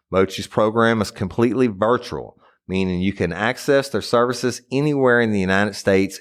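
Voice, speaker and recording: A man, a podcast host reading an ad in a friendly, conversational way. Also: sits low. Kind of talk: ad read.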